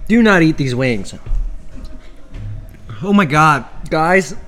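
A man with a high, bright, lively voice, teary and sniffling as he hosts a podcast. He groans, laughs and complains slowly through the burn in loose casual chat. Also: soft background music. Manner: groaning and laughing, overwhelmed by heat. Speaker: podcast host. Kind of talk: casual chat during a hot wing challenge.

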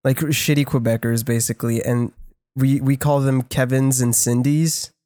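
A man's voice: mid-range voice, steady tone, moderate pace, mellow, dry recording, studio quality. A young man telling a rambling, profane story in casual podcast chat. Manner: rambling, profane, laughs while telling stories. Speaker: podcast co-host.

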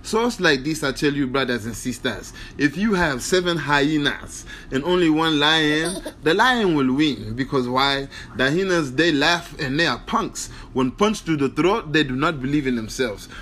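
A man's voice: a little high, expressive, moderate pace, hardly any pauses, fairly bright tone, slight background noise. A man giving an emphatic, repetitive motivational monologue at home. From Africa. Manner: preachy, emphatic, repetitive declarations. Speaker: motivational speaker.

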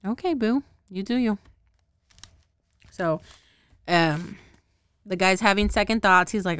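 A woman's voice: medium pitch, slow, long pauses, a bit bright, smooth, dry recording. A woman casually recapping a show as a podcast host, rambling, swearing and often losing track of names. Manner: rambling, profane, laughs often; loses track of names and details.

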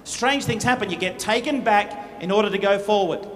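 Animated man speaking in a big hall. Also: high voice, normal speed. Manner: animated, humorous, dramatic. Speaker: motivational speaker at business event. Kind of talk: motivational speech with storytelling. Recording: echoey hall with faint noise.

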